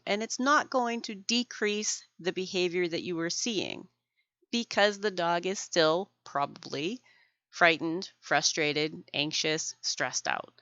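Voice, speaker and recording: Animated woman podcast host, dull dry audio. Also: mid-range voice, no echo. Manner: animated explainer who acts out examples and laughs often. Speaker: podcast host teaching dog groomers. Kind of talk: educational podcast monologue.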